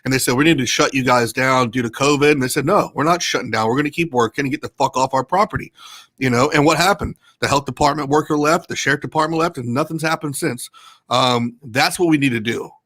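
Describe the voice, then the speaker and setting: A man's voice: mid-range voice, fast talker, fairly bright tone. A man who is a podcast guest, ranting indignantly and with plenty of swearing in a casual group chat.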